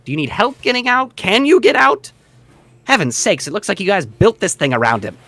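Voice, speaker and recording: A man's voice: high voice, big pitch swings, a little fast, gravelly, sharp tone, pitched above the performer's own voice, full character voice. A man voicing a small, brusque male gnome jailer who bosses people about impatiently in a tabletop game. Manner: fussy, impatient bossing about. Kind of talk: tabletop role-play voice.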